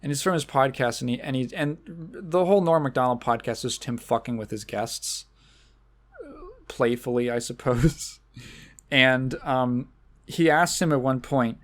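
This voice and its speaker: A man's voice: medium pitch, measured pace. A man hosting a podcast in casual chat, rambling and swearing, laughing often and acting out quoted exchanges. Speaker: podcast host.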